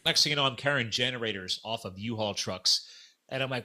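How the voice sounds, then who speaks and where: Speaking fairly quickly in a mid-range voice, a middle-aged man hosts a podcast and recounts a story conversationally. He gets animated, performing the quoted lines as he goes.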